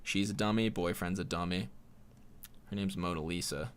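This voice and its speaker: A man's voice: low-pitched, moderate pace, clean tone. A man hosting a solo podcast, rambling in a profane, sardonic way. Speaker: podcast host.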